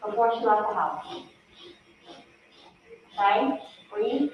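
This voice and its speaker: A woman speaks gently and coaxingly, urging someone to breathe in short repeated phrases, her voice sitting a little high. The bedside recording is distant and echoey, muffled, with faint noise behind it. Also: takes it slowly, long pauses. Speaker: investigator interviewing a hospital patient. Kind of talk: bedside interview recording played in court. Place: hospital room.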